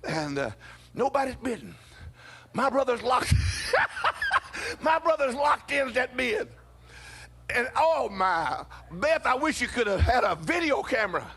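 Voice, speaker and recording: A pastor telling a funny story during a church sermon, animated and often chuckling as he talks. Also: extremely high pitch, a little slow, vocal fry, pauses often, slight background noise.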